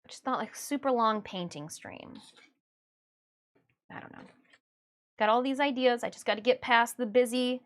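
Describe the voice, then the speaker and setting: A woman's voice: on the high side, normal speed, pauses often. A woman from Michigan chatting casually on a livestream, chatty and self-mocking, often breaking into giggles. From Michigan, USA. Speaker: livestreamer and artist.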